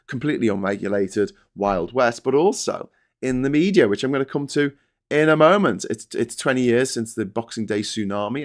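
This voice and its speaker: A man's voice: medium pitch, a bit bright. Sardonic British man hosting a chat stream. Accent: British English. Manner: sardonic, chatty, reads chat and mocks headlines in silly voices. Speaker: host. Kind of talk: casual live-stream commentary.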